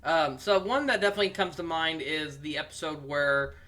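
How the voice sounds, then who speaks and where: A young man giving a casual, rambling review, amused and full of pauses. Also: on the high side, bright, forceful tone. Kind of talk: casual commentary.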